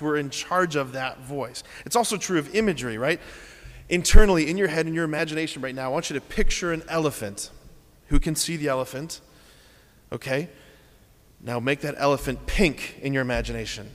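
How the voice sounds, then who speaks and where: A man preaching in an earnest sermon style, often doubling his key phrases for weight. His voice sits on the higher side and carries a long reverb from a big church hall. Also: fairly bright tone. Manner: earnest, repeats key phrases, leads the congregation in exercises.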